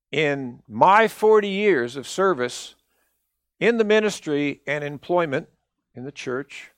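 An older male minister delivers a sermon in an earnest, measured and emphatic way, pressing each point home. His voice sits fairly high for a man. The recording is dry and close, with almost no room sound. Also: fairly bright tone, no echo.

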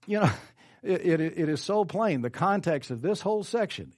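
Man, preacher, sermon delivery with lively swinging pitch, emphatic then quiet. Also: moderate pace. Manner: reads scripture aloud and comments, rising emphatic then dropping quiet; clears his throat often.

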